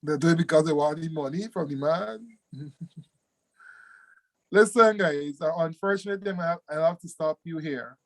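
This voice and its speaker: A man teaching an online exam review class, animated, repeating key words and laughing easily. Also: a little high, moderate pace, pauses often.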